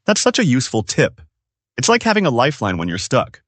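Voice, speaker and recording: Lively, upbeat man co-hosting a podcast. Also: medium pitch, quick pace, dry recording. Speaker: podcast co-host. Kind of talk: scripted English-learning podcast dialogue.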